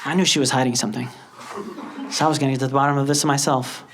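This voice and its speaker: Animated stand-up comedian from Lebanon. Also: male voice, very fast. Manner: animated, jumps into high put-on voices. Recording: loud background noise.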